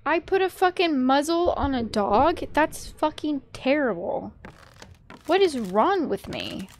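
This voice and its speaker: A woman streaming a horror game, talking loudly and joking at it with frequent swearing. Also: sits high, sing-song, slow pace, slight background noise. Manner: loud, profane, joking at the game. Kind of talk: casual gaming commentary.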